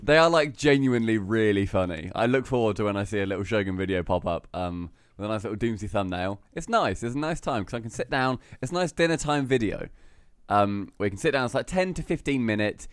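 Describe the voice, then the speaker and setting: A man hosts a podcast in loose, cheeky banter. His pitch swings about a lot as he talks. The sound is dry and close to the mic. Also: fast talker, smooth, no echo. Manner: cheeky, lively banter with swearing. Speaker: podcast host. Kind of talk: casual podcast chat.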